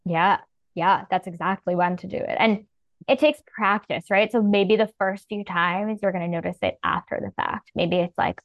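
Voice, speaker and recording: A woman's voice: medium pitch, moderate pace, no echo, muffled recording. A woman coaching listeners through a breathing practice in a soothing, earnest way, often saying "like". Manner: soothing, earnest, filler-heavy with "like". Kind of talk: guiding a breathing practice in casual talk.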